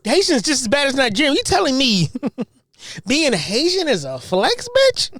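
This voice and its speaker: A woman's voice: high-pitched, sing-song, moderate pace, a bit bright, no echo, clean studio sound. A woman hosting a podcast, ranting with profanity and firing off mocking rhetorical questions, stammering repeated words as she builds up. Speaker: podcast host. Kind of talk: heated podcast rant.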